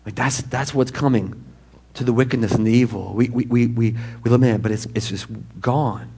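A man preaching a sermon. His tone is conversational and animated, with asides, questions to the congregation and short laughs. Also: medium pitch, a little fast, breathy edge. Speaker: pastor.

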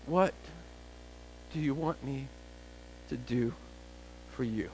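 A man voicing a gentle male teacher who asks a question slowly and softly. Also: medium pitch, slight background noise, low-quality recording.

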